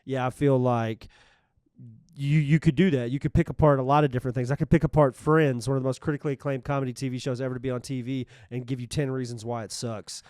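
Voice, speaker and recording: High-energy blunt man, smooth voice. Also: fairly even intonation, fast, a little mellow, no echo, clean studio sound. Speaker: podcast co-host. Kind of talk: casual podcast chat.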